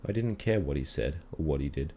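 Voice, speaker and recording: A man calmly reading a children's story aloud in a measured storytelling manner. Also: a bass voice, slight background noise. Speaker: reader.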